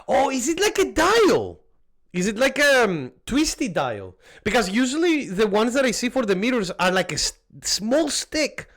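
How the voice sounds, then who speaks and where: Animated man streaming a game. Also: very high voice. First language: not English. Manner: excitable, chatty, quick to laugh and swear. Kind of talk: live gameplay commentary.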